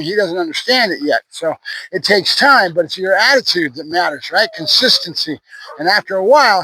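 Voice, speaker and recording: Bright-voiced man training a dog. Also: high-pitched, husky, no room sound, poor audio. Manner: explains steps while praising and correcting a dog. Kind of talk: instructional training demo.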